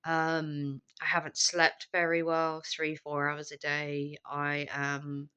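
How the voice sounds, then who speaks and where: Low-voiced sick, tired young woman. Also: monotone, takes it slowly, bright, forceful tone, smooth. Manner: tired, drained, rambling with many ums. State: sick with flu, voice affected. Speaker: vlogger. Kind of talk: casual catch-up vlog.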